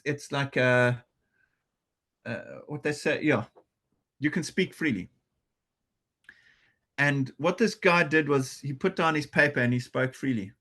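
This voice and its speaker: A man's voice: fairly high pitch, a bit bright. A man from South Africa, a podcast guest, telling a story in an earnest, restless way full of restarts and repeated words. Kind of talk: conversational storytelling.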